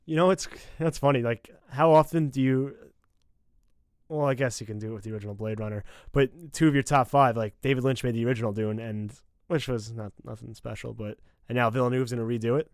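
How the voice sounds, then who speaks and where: A man's voice: mid-range voice, fairly even intonation, brisk, darkish tone, dry recording, studio quality. A young man hosting a podcast, chatting casually in an enthusiastic, rambling, self-deprecating way. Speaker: podcast host. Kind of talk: casual chat.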